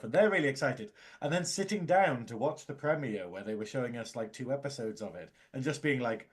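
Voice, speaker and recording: A man's voice: mid-range voice, expressive, brisk, hardly any pauses, fairly bright tone. A man co-hosting a podcast, chatting loosely, laughing often and going off on tangents. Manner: laughs often, rambling, self-deprecating. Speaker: podcast co-host. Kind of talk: casual chat.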